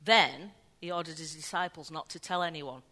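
A woman preaching a sermon, telling the story in an animated way and acting out the voices of the people in it. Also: sits low, normal speed. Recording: long hall reverb.

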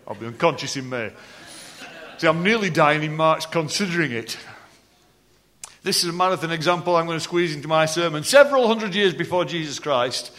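A man preaching a sermon, animated and joking with the congregation between readings. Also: a little high. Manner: animated, jokey asides with the congregation. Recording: long hall reverb.

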